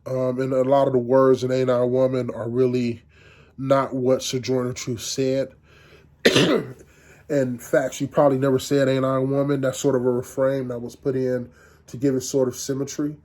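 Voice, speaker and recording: A middle-aged man giving a university lecture in a conversational, halting way, with frequent restarts and fillers. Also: mid-range voice, flat delivery, a little mellow.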